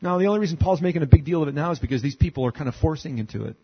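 A male pastor preaching in a relaxed, conversational way, throwing in rhetorical questions and dry sarcasm. His voice sits a little high and sounds husky. The recording is dull and lo-fi, as from a church sound system. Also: racing. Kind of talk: expository sermon.

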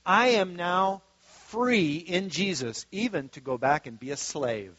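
A man's voice: high voice, expressive, unhurried, fairly bright tone, no echo, lo-fi sound. A man preaching a sermon as pastor in a conversational way, with frequent asides and restarts.

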